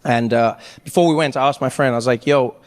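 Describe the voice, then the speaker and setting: A man from Africa doing stand-up comedy, telling a story in an animated way and jumping into acted voices. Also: medium pitch, fast, long reverb tail.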